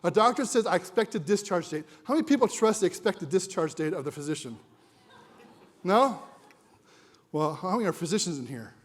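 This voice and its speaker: A man's voice: high voice, sing-song, fairly quick, long pauses. A man presenting at a conference to a live audience, conversational and jokey, quizzing the room, and a little winded.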